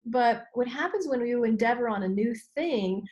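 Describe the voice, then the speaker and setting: A middle-aged woman, a business coach being interviewed, talking expressively and acting out inner voices with sudden high exclamations. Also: expressive, normal speed, darkish tone, dull audio. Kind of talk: animated interview talk.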